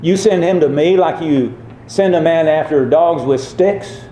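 A preacher acting out a scornful giant warrior, his voice pushed a little higher and louder than his own as he taunts. The tone stays mellow and dark, carried through a roomy, echoing space. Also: a little slow, a little hiss or hum, lightly acted. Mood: taunting. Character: boastful mocking giant warrior, man.

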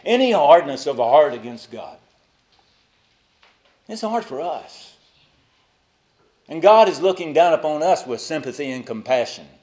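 A male pastor preaching a sermon, moving between loud emphatic lines and soft asides, and putting rhetorical questions to the congregation. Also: a little high, animated, unhurried, pauses often.

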